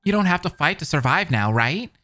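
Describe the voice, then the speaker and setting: A man reading the part of a shaken teenage girl survivor aloud from a visual novel, halting and soft. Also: a little high, big pitch swings, dry recording.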